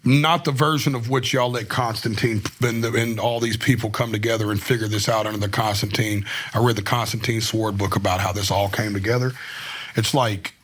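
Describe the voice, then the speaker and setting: Speaking on a studio microphone as a podcast guest, the US musician from Tennessee spins casual interview stories in a slangy, rambling, candid style heavy on "like." His voice is on the low side, steady in tone, a bit bright and a little fast.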